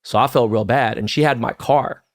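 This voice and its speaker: A man's voice: mid-range voice, moderate pace. Profane storytelling man in his fifties. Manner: profane, animated storytelling with acted quotes. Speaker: podcast co-host. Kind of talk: casual storytelling chat.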